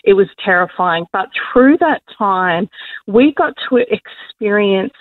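A woman's voice: mid-range voice, no room sound. Woman guest, heartfelt faith story, phone-line sound, dry. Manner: emotional, quick to laugh, lively quoting of herself. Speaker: guest on Christian radio. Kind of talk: heartfelt testimony and prayer.

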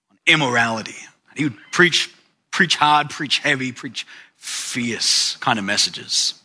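Bright-voiced man preaching. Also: on the high side. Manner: storytelling with dramatic rises and drops. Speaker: pastor. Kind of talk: sermon.

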